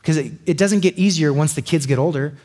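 A man with a fairly high, husky voice preaches a laid-back, conversational sermon. He's animated and chatty, often acting out quick voices to get his point across.

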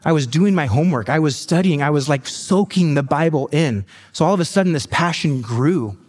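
A pastor in his forties shares his testimony in a sermon, mixing self-deprecating humor with lively asides. His voice is a little high, brisk, and husky.

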